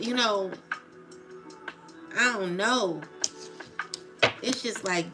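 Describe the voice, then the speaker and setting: Her voice a little high, this tarot livestreamer speaks slowly and pauses often. With music in the background, she rants emotionally in agitated, profane slang, often asking "you know what I'm saying."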